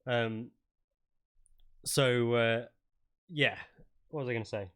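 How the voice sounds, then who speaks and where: A man's voice: mid-range voice, slow, fairly bright tone, smooth. Guy running a d&d game, rambly, um's everywhere, pretty average voice. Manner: rambling, many fillers and restarts. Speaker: game master. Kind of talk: narrating a tabletop game.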